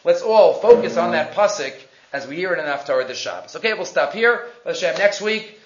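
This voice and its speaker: A man teaching a Torah class, telling a story and slowing down to read verses aloud. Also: high-pitched, animated, noisy background. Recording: roomy, dull lo-fi recording.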